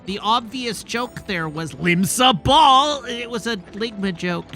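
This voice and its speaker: A man's voice: high-pitched, lively intonation, slow pace, sharp tone, soft background music. A young man streaming a video game, joking around in self-mocking asides between scenes. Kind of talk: live game stream commentary.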